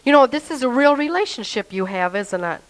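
A woman tells her personal story of faith, earnest and emotional. She talks straight to the listener with a slightly high voice. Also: expressive, brisk, low-quality recording. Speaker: testimony speaker.

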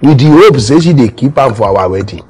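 A man with a Nigerian Pidgin accent playing a lovesick, hot-tempered male house servant who trades loud insults and turns soft and tender. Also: medium pitch, lively intonation, brisk, close to an everyday voice. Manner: loud trash-talking, then soft and tender. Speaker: actor in a Nollywood film.

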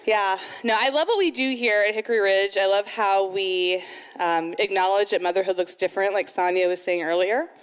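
A woman in her thirties performing a stand-up comedy set, animated, jumping into sudden high put-on voices. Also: normal speed, clear, resonant tone, big-room sound. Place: live comedy event venue.

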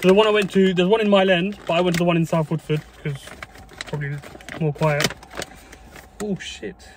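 A young man, chatting excitably in a casual food review vlog and dropping mild swears and "mate". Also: high-pitched, brisk, noisy background. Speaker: food vlogger.

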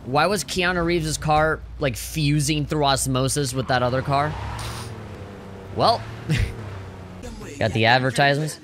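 Male game streamer, bright voice, a little high, jokey and profane, faint hiss behind. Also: takes it slowly, long pauses. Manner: laughing, swearing, joking reactions. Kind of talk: casual gameplay commentary.

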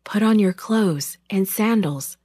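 A woman reading a children's Bible story, voicing an angel who gives hushed, urgent instructions. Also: mid-range voice, slow, slightly rough, no room sound, clean studio sound. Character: calm commanding angel messenger.

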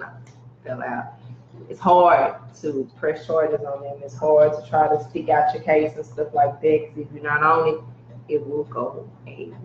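A woman's voice: sits low, darkish tone. A woman, telling her story on a casual podcast and acting out the voices of the people she quotes. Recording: roomy, dull lo-fi sound with faint noise.

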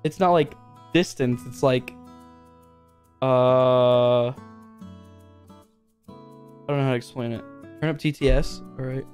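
Excitable young man streaming a game. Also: slow pace, long pauses, faint music behind. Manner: excitable, jumps to high exclamations, reads game text aloud. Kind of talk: live game stream commentary.

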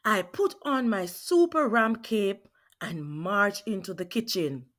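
A woman reading a picture book aloud to children, asking her young listeners questions as she goes. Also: medium pitch. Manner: slow, expressive, asks questions of listeners. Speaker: children's read-aloud host.

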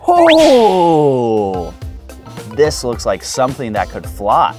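A man hosting a children's educational show, talking to young viewers in an excited, exaggerated way. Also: mid-range voice, very slow, soft background music. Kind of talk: upbeat kids' educational presenting.

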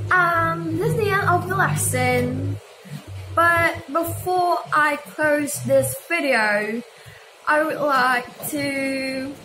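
Teen girl, non-native English accent aiming for British, high voice, giggly and chatty, echoey room with faint background ambience. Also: a bit bright, slight background noise. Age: teens. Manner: giggly, chatty, reads word lists aloud. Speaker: student making a lesson video. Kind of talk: casual video lesson.

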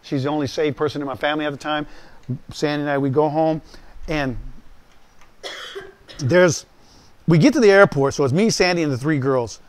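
A man in his sixties, a pastor telling a personal testimony in an animated way, dropping to hushed asides and rising to loud bursts. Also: a little high, normal speed, pauses often. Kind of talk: storytelling testimony.

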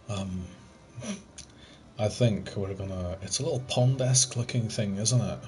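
A man's voice: fairly low pitch, slow pace, darkish tone, soft background music. A young man chatting casually while gaming with friends, joking and swearing and sighing often, recorded on a gaming headset. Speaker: gamer playing with friends online. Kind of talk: casual gameplay chat. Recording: noisy game capture.

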